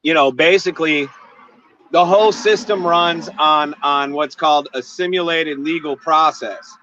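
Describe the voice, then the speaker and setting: A man's voice: on the high side, unhurried, sharp tone, a little hiss or hum. A man hosting a casual chat, talking hesitantly with many fillers and restarts. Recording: dry, dull lo-fi sound.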